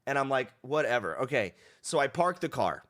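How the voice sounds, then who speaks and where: Animated young man telling a story. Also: mid-range voice, normal speed. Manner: animated, swearing, acts out quoted people. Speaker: streamer. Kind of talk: casual storytelling to stream.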